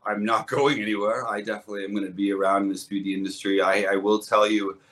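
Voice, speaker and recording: A man's voice: on the low side, flat delivery, fast talker, fairly bright tone. A man, a hairdresser guest on a podcast, telling stories in a casual, earnest, rambling way with lots of restarts. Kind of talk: casual conversational storytelling.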